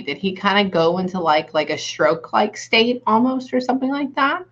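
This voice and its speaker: A woman working as a psychic medium, reading for a sitter and relaying messages in halting bursts, often pausing to say hang on. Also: mid-range voice, fairly even intonation, fairly bright tone, dull audio.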